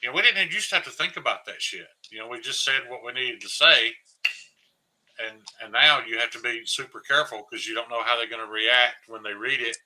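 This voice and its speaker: A man's voice: medium pitch, a little fast, sharp tone, slight background noise, rough recording. A middle-aged man, a knife maker, chatting frankly and admitting his own faults. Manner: frank, self-deprecating, rambling. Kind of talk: casual chat.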